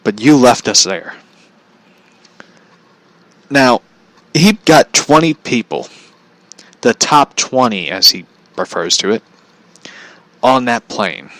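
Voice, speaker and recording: A man's voice: medium pitch, animated, slow pace, pauses often, a bit bright, no echo, rough recording. A man ranting bluntly in a casual commentary vlog, swearing freely and often laughing at his own points. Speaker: vlogger.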